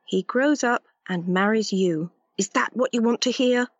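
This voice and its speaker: A woman's voice: on the high side, normal speed, slightly rough, no echo. A woman voicing a curt, cutting author in a cartoon, heard on a dull, dry clip. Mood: snippy. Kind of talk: cartoon voice acting.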